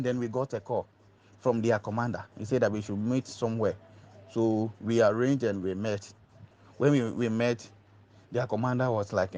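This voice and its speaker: A man telling an animated first-person story, acting out quoted dialogue and often repeating words. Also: muffled recording. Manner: acts out quoted dialogue, pitch jumping high on exclamations. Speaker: storyteller recounting an ordeal.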